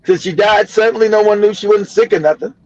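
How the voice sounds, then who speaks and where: A man in his fifties from Los Angeles telling a loud, profane story on a livestream, laughing often. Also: high-pitched, fast talker, no room sound, highs cut off. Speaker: livestream host.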